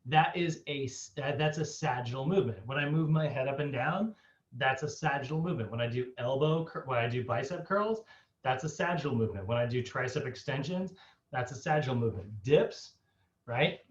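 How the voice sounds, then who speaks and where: A man's voice: mid-range voice, animated, fairly quick. A man teaching a fitness class over a video call, casual and chatty, asking students questions and laughing often. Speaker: fitness instructor. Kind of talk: online class lecture. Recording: dull lo-fi video call audio.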